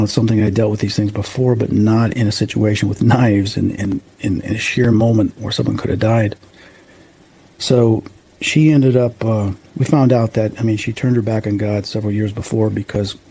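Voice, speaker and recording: A man in his fifties from the Chicago suburbs, a paranormal investigator telling a story in a rambling, halting way with restarts. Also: fairly low pitch, gravelly, dark tone, breathy edge, poor audio. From Chicago suburbs, USA. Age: 50s. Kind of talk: casual storytelling interview.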